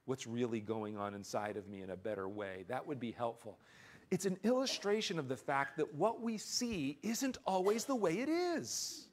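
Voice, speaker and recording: A middle-aged man preaching a sermon as pastor, earnest and emphatic, dropping into quiet confessional stretches. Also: mid-range voice.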